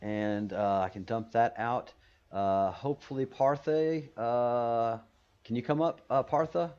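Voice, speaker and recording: A man's voice: mid-range voice, a little slow, darkish tone, clear, resonant tone. A man hosting a casual video call stream, rambling with many restarts and repeated words. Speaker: stream host. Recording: muffled video call audio.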